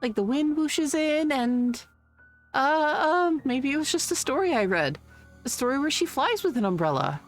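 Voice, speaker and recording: A woman voicing a bubbly, curious and naive little girl during a game playthrough, high, breathless and chirpy. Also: lively intonation, moderate pace, soft background music. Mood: excited.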